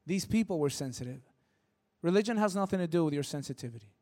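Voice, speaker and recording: A man from Mexico preaching, telling personal stories in a lively, emotional way that swings from hushed to loud. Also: a little high, fast. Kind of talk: sermon storytelling.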